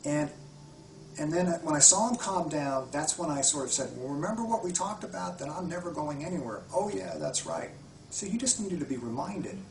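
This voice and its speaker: A man's voice: a little high, lively intonation, fairly quick, a little hiss or hum. A man, a spiritual healer, earnestly telling stories in an interview, often restarting his sentences. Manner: earnest, heartfelt storytelling with frequent restarts. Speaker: spiritual healer and retreat guide. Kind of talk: interview conversation. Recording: echoey room, far from mic.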